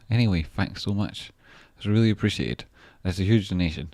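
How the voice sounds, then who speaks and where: A Scottish man with a deep, low voice talks loosely through a livestream, reading out chat and heaping on thanks. He swears freely and rambles in a relaxed way. The sound is close and dry, with no room around it. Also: fairly quick, no echo. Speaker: stock trading livestreamer. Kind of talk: casual livestream chat, reading viewer messages.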